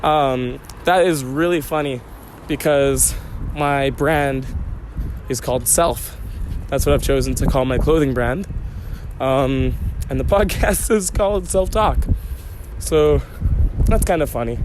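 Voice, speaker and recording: A man's voice: mid-range voice, unhurried, background noise. A man hosting a solo podcast, rambling and joking to himself as he walks outdoors along city canals. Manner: playful, joking self-talk with digressions. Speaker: podcast host.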